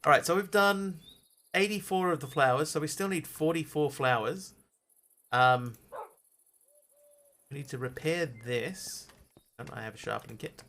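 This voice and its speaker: A man's voice: a little high, moderate pace, pauses often, pushed and bright, slight background noise. A man streaming a game live, chatting casually, thinking aloud and answering his viewers as he plays.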